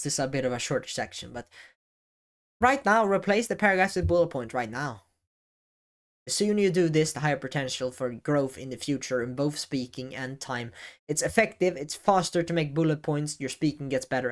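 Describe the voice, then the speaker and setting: A man talking to the camera in a casual advice vlog, often halting and correcting himself as he goes. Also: medium pitch. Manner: halting, self-correcting, varies emphasis. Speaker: YouTube creator. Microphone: camera facing speaker.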